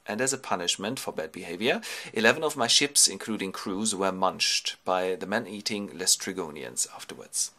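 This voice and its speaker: A man's voice: deep voice, pushed and bright. A man from Germany giving a playful, colloquial comic retelling of a classic epic in the first person. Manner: playful, colloquial, jumps into character voices.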